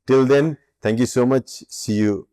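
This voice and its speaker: A middle-aged man gives a spiritual talk in a mellow, warm voice, acting out the different people in his anecdotes. He hammers home his points by repeating them. The recording is dry and close. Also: mid-range voice, measured pace, dry recording. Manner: lively storyteller who plays out both sides of dialogues; emphatic, repeats key points. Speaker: spiritual teacher. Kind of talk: reflective talk with acted-out anecdotes.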